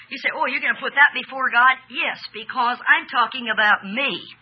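On a muffled recording, a woman with a slightly high, breathy voice delivers an emphatic sermon, drawing out important words and asking her listeners questions in an exchange with them.

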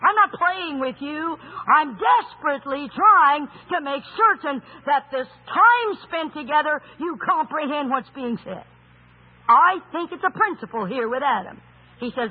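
A man preaching a sermon in an emphatic storytelling style, with rhetorical questions, and raising his voice to a shout for stress. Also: very high-pitched, animated, measured pace. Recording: tinny phone-like sound.

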